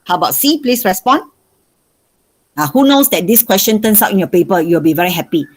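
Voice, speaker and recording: A woman's voice: mid-range voice, animated, fairly quick, low-quality recording. A woman maths teacher with a Malaysian accent, giving an online revision lesson and repeating her questions to coax answers from students. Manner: coaxing, asks questions over and over.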